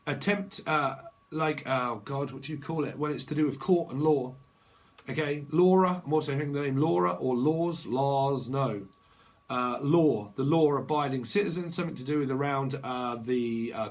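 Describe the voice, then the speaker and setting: A man giving a tarot reading, rambling quickly and bluntly with slang and swearing. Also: a little high. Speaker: tarot reader. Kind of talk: channeled tarot reading monologue.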